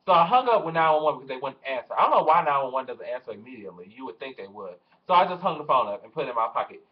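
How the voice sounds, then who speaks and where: A young man casually telling a story to his viewers, animated and swearing, acting out what people said. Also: mid-range voice, racing. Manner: animated, swearing, acts out quoted voices. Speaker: vlogger. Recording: dull lo-fi webcam audio.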